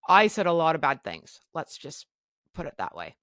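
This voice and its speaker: A woman's voice: sits low, wildly swooping pitch, normal speed, a bit bright, no echo, clean studio sound. A woman hosting her own podcast, telling a personal story in a frank, emotional way and swearing freely. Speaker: podcast host.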